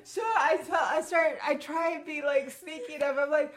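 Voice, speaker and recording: List: woman, twenties, high voice, animated storyteller, laughing, casual chat. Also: a little slow. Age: 20s.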